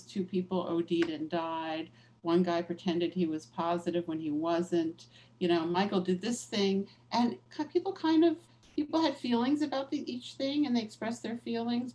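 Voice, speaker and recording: A woman's voice: medium pitch, mellow, low-quality recording. Candid woman author recalling activism. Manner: candid, reflective storytelling with casual fillers. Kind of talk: conversational interview.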